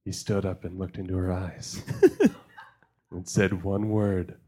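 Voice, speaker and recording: Low, slow deadpan male improviser. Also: breathy edge. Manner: deadpan, slow, laughing through lines. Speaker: podcast guest, improviser. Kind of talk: improvised comedy storytelling.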